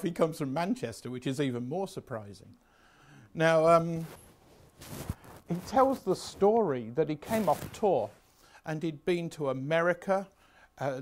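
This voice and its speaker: Chatty anecdotal lecturer in his sixties. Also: fairly high pitch. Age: 60s. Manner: chatty, anecdotal and self-mocking. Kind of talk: revision lecture.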